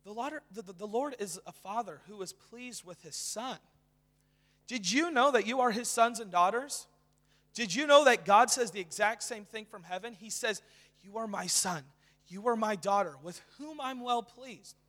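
Young male preacher, high bright voice, casual and excited sermon, long church reverb. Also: normal speed. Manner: casual, excited, with many fillers. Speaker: guest preacher. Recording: reverberant hall.

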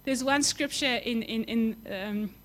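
A young woman delivering a sermon with fervent, swelling emphasis that falls back into hushed, tender lines. Her voice sits a little higher than most. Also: a little slow, slight background noise. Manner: impassioned, rising to emphatic peaks then dropping soft. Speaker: preacher.

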